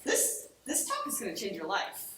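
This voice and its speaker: Speaking at a normal speed in a mid-range voice, a Cleveland, Ohio conference speaker delivers an animated, chatty talk and impersonates friends she quotes. The collar lapel mic picks up a very echoey lecture hall with a distant sound and slight hiss or hum.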